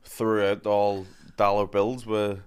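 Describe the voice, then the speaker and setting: A man on a podcast, chatting casually with teasing, deadpan banter. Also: lowish voice, slow pace, clear, resonant tone. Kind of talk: casual chat.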